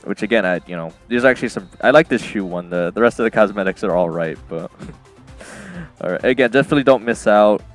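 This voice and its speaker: A man's voice: lowish voice, animated, brisk, soft background music. An American man chatting casually on a live stream, reading and answering chat by name and laughing often. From United States.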